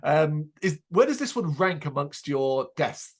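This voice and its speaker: A man hosting an interview, asking questions in a halting but enthusiastic way, often restarting his phrases. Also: fairly high pitch, very animated. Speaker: interviewer host.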